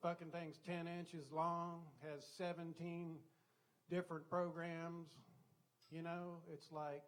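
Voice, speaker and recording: A man's voice: fairly high pitch, level tone, slow pace. An older man with a Southern US accent doing a folksy stand-up routine on a comedy club stage, full of chatty "you know" asides.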